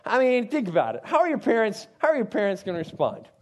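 A man's voice: high-pitched, sing-song, quick pace. A man, a youth pastor, teaching from the Bible in a casual, conversational way with frequent asides to his listeners.

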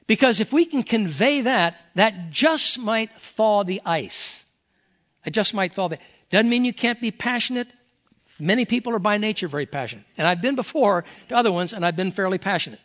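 A man's voice: high-pitched, animated, normal speed, a bit bright. An older man, a pastor emeritus, preaching a folksy, earnest sermon and reading scripture aloud.

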